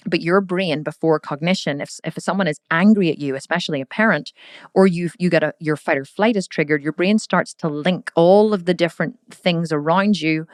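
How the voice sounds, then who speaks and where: Woman, podcast host and coach, lively and direct with the listener, lowish voice, dry sound. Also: brisk, no echo. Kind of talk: casual motivational podcast monologue.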